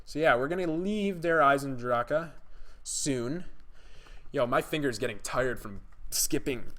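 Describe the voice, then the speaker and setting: Excited young man streaming live. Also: mid-range voice, unhurried. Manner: excited, talks to chat viewers. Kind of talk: live-stream gaming commentary.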